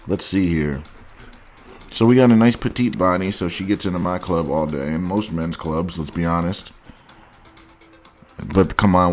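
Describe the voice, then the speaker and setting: A man hosting a dating advice show, giving blunt, crude and mocking commentary on dating profiles. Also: low-pitched.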